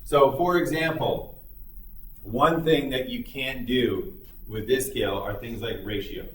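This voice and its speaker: A man lecturing in a classroom in a relaxed, conversational way. He speaks at a middle pitch, trails through fillers and acts out small dialogues. The recording is roomy, with the mic set well back from him. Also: a little slow, far from the mic, a little hiss or hum. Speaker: psychology lecturer.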